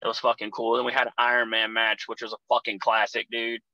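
A man, a wrestler guest telling profane, animated stories and acting out his own shouting. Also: mid-range voice, quick pace, no room sound, poor audio. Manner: profane, animated storyteller, acts out shouting in quotes. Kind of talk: casual storytelling chat.

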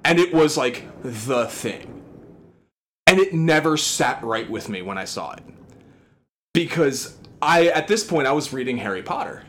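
A man's voice: on the high side, very animated, normal speed, a bit bright. A man in his thirties co-hosting a podcast, ranting in casual chat with comic exasperation and frequent swearing. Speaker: podcast co-host.

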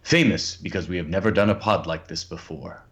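A podcast host chats casually, playful and theatrical when introducing things. His voice is low, a bit bright and fairly quick, and the audio is dull lo-fi podcast sound.

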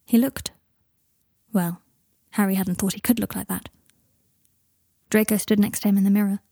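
Woman reading a story, husky n mellow, close mic, no room sound. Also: medium pitch, fairly even intonation, moderate pace, no room sound. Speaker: narrator. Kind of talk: storybook narration of fan fiction.

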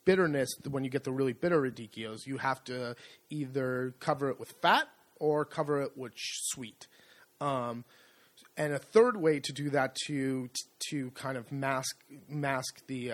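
A man's voice: medium pitch, measured pace. A middle-aged man co-hosting a casual podcast chat, rambling with many fillers and restarts. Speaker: co-host. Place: rural home.

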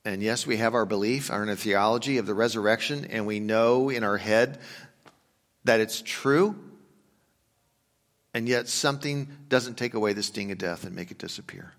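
Guy preaching a sermon in a big echoey church, goes soft and slow then gets loud and pushy. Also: lowish voice. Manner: swings from hushed, slow reflection to loud emphatic urging. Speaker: pastor. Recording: long reverb of a large hall.

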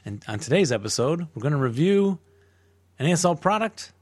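A man's voice: on the high side, sing-song, brisk, darkish tone, no room sound. A man co-hosting a podcast, joking around and doing hammy announcer-style intros in casual banter. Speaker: podcast co-host.

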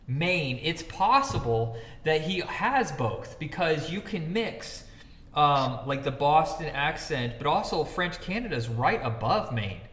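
Bright-voiced man from Indiana, echoey room. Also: a little high, takes it slowly. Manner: animated, swearing, laughs often. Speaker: podcast co-host. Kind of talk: casual movie podcast chat. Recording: echoey room with long reverb.

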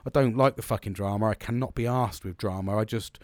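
A man's voice: lowish voice, brisk, darkish tone, no room sound. A man in his forties telling a candid personal story, blunt and sweary, rambling with restarts.

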